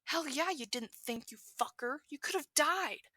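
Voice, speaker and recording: A woman voicing a furious, foul-mouthed teenage boy who shouts and swears. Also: sits high, animated, measured pace, no room sound, clean studio sound, pitched above the performer's own voice, heavily acted. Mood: yelling.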